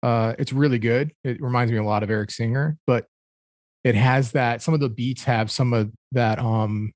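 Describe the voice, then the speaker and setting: A man's voice: medium pitch, steady tone, moderate pace, darkish tone, no room sound. Rambling man on a dry podcast mic. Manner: rambling, searches for words with fillers. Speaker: podcast co-host. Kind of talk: casual chat, music review.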